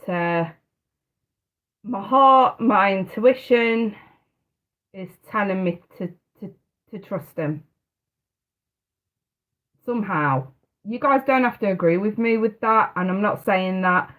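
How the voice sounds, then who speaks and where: A woman's voice: mid-range voice, a bit bright, low-quality recording. A woman, hosting a live tarot stream in casual, hesitant chat and laughing often. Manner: chatty, hesitant, often restarting, laughs a lot.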